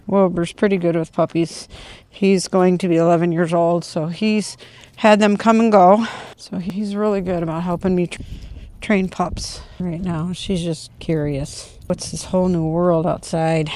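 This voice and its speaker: A middle-aged woman talks through a casual training vlog while out on a walk. Her voice sits at an ordinary pitch and stays calm and explanatory. Now and then it lifts into high, sing-song calls of praise for a puppy. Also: unhurried. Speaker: dog owner and trainer. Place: outdoors on a neighborhood walk.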